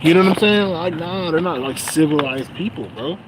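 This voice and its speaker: Man, fairly high-pitched, rambling street-side storytelling vlog, swears constantly, light background noise. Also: fairly quick, hardly any pauses. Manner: profane, rambling, lots of filler phrases. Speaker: vlogger. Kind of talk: casual storytelling rant.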